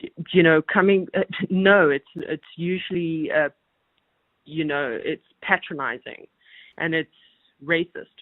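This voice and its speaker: A woman's voice: low-pitched, steady tone, unhurried, no echo. A woman calling in to a radio show, making her argument in a firm, pointed way. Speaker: caller. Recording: tinny phone line.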